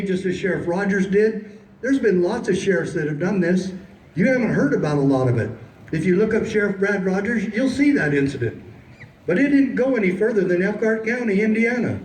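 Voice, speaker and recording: A man with a high voice delivers a fiery, preachy outdoor speech, leaning hard on key words as he tells his story. His voice rings with echo and reaches the mic from some distance. A faint hum of noise sits underneath. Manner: impassioned storytelling, emphatic and preachy. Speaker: sheriff and political activist. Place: outdoors at a city hall.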